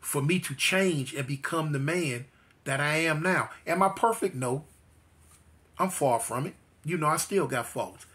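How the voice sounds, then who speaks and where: Man, personal testimony, emphatic, repeats phrases, forceful tense tone, higher voice. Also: a little slow. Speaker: guest telling his life story.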